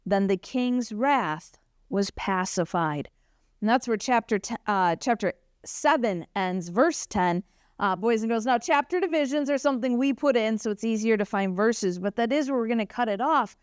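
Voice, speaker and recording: A woman teaching a children's Bible lesson at church, telling the story with animated expression and acting out the characters' lines. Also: fairly high pitch, moderate pace, clear, resonant tone, dry recording, studio quality.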